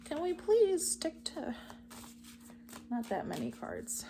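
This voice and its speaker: A woman's voice: very high voice, huge pitch swings, slow pace, creaky, warm tone, slight background noise. A woman giving a casual spiritual card reading, enthusiastic and encouraging, talking straight to her viewers. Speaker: tarot card reader.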